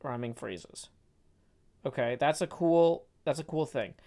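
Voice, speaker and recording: A man's voice: medium pitch, unhurried, dark tone. A man reading poetry aloud and chatting on his live stream, with careful stress on the words and frequent hesitant fillers.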